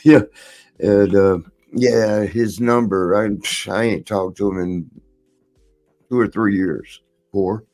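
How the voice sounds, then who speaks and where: A man's voice: lowish voice, fairly even intonation, takes it slowly, long pauses, a little mellow, soft background music. A man in his sixties hosting a podcast, telling rambling anecdotes in casual chat, laughing often and slipping into quoted voices. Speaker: podcast host.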